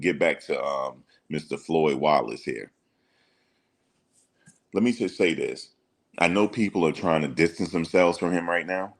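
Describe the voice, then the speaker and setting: A man with a very low voice talks loosely and emphatically, heavy on slang. He keeps firing rhetorical questions as he reacts to a story. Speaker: online commentator. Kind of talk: casual reaction commentary.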